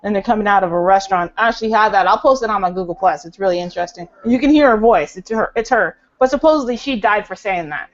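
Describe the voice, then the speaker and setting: A woman's voice: mid-range voice, fast, few pauses. A woman ranting in a casual, rambling way on a group call, with lots of fillers and restarts. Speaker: caller in a group voice chat. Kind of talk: casual conspiracy rant. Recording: dull lo-fi online call audio.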